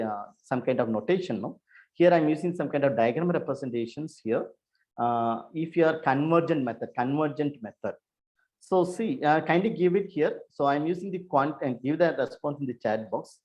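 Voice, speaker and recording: A man giving a university lecture on research methods over a video call. He explains in a halting, repetitive way and often corrects himself. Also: fairly high pitch, darkish tone.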